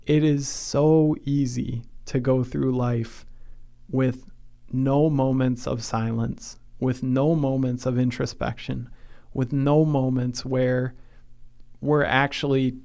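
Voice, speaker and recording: A man's voice: medium pitch, fairly even intonation, slow pace, gravelly, dark tone. A man hosting a podcast interview who talks in a friendly, self-deprecating and reflective way. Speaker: podcast host.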